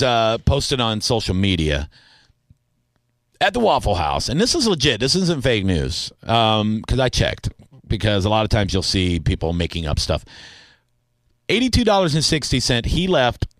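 A middle-aged man hosting a radio talk show, chatting in a playful, animated way with slangy banter. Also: mid-range voice, no echo.

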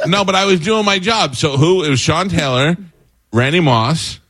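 A middle-aged man, a former sports reporter, telling animated stories in casual chat, his voice jumping up when he gets excited. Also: moderate pace, no echo, studio quality. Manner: animated, jumps high in pitch when excited.

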